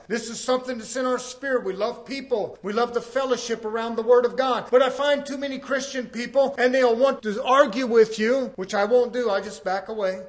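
A man preaching a sermon in church. He swings between loud, emphatic scripture reading and low, conversational asides, and he drawls out repeated words for emphasis.

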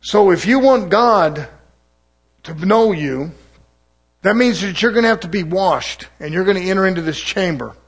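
A middle-aged man preaches with a fiery, mocking delivery. He calls out to his congregation, and his voice sits high for a man. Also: animated, moderate pace. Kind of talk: sermon.

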